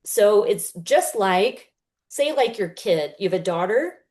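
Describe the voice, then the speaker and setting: A woman's voice: medium pitch, animated, slow, a little mellow. A woman in her thirties, a guest healer on a podcast, explaining earnestly and acting out the inner voices she describes. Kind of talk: casual podcast interview.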